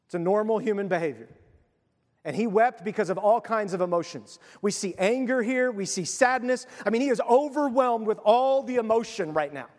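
High-voiced, animated male preacher. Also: moderate pace, in a large hall. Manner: casual, animated, acts out quotes. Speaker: pastor. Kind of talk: sermon.

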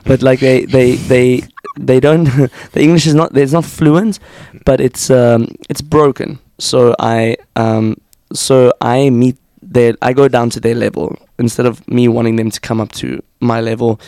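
A man's voice: medium pitch, steady tone, a little slow, hardly any pauses, warm tone, no room sound, studio quality. A South African man chatting casually on a podcast, laughing often and restarting his sentences. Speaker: teaching fellow, podcast guest. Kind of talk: casual chat.

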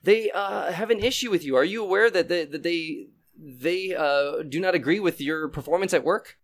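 A man hosts a mock therapy session on a video call. He stammers and restarts, earnest and careful, in a slightly high voice. It is improv comedy. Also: moderate pace.

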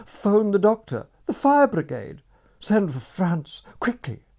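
A man reading a story, voicing a frantic older woman who shouts shrill orders and implores. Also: sing-song, slow pace, heavily acted. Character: older aunt, frantic and commanding.

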